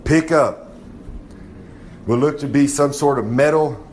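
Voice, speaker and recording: A man's voice: on the high side, measured pace, a little mellow. Male wrestler type, cocky drawling braggart, slight room noise. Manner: swaggering, rambling, drawling brag. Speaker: wrestler giving a comic segment. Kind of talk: boastful in-character monologue.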